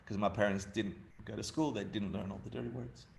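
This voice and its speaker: A man's voice: fairly low pitch, steady tone, fairly quick, gravelly, a little mellow, slight background noise. A man in his fifties from Argentina giving a humorous dharma talk, telling family stories with frequent laughter. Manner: laughing, storytelling, chatty. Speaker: dharma teacher.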